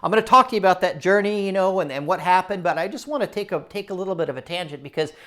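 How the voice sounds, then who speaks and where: Guy chatting to camera about his journey, lively, keeps repeating phrases to hammer a point. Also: sits high, rapid-fire. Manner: animated, repeats phrases for emphasis. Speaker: culinary storyteller and writer. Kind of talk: casual storytelling to camera.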